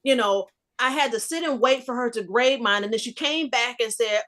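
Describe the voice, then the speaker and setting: A woman in her fifties telling a personal story in a casual group discussion, animated and emphatic. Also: a little high, moderate pace. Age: 50s. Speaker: discussion panelist.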